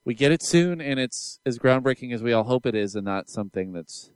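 A man's voice: mid-range voice, lively intonation, brisk, clear, resonant tone, no room sound. A man co-hosting a podcast, chatting enthusiastically and rambling with plenty of fillers and restarts. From Seattle area. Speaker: podcast co-host. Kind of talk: casual podcast chat.

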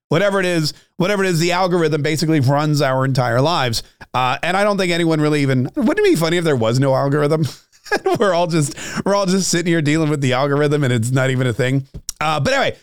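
A man hosts his own political podcast, rambling along with joking, self-mocking asides and often restarting or trailing off. His pitch is fairly high and his tone clean, captured at studio quality with no echo.

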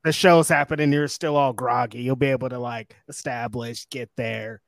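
A man co-hosting a wrestling podcast in a relaxed, agreeable way, chiming in with short affirmations. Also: mid-range voice, moderate pace, vocal fry, dry recording, clean studio sound. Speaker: podcast co-host. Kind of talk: casual chat.

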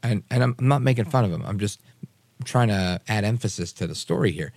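Guy hosting talk radio, low gravelly voice, dry studio sound, punchy political commentary. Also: lively intonation, fairly quick, darkish tone, no echo. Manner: emphatic, repeats phrases for emphasis, mimics people he discusses. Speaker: radio show host.

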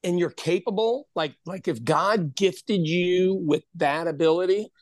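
A man's voice: high voice, measured pace, dry recording. An Irish man co-hosting a podcast, telling stories in casual chat and laughing often. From Ireland. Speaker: podcast co-host.

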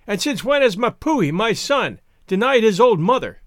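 A man voicing a weary, plaintive old island woman in a storybook reading, speaking slowly. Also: high-pitched, big pitch swings, no echo, clean studio sound, voice pushed up. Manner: plaintive, slow.

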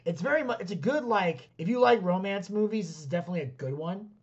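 A man's voice: sits high, expressive, fast. A man hosting a podcast, rambling through a casual chat, swearing often and filling his talk with "like". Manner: rambling, swears a lot, many filler likes. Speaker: podcast host. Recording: dull lo-fi sound.

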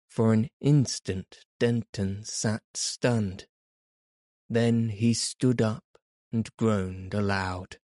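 Very slow, deliberate male narrator. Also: on the low side, steady tone, dark tone, no room sound, studio quality. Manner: measured, deliberate. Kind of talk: audiobook narration.

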